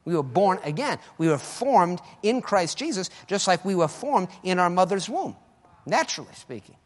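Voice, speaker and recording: A man preaching a sermon with fervor, swinging between loud exclamations and quiet asides. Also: high voice, sing-song, normal speed. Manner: fervent, swings between shouting and soft asides. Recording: echoey hall with long reverb.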